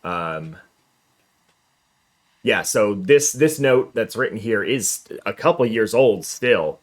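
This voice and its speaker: A man's voice: on the low side, animated, slow. A male gaming streamer chatting casually through a let's play, self-mocking and upbeat.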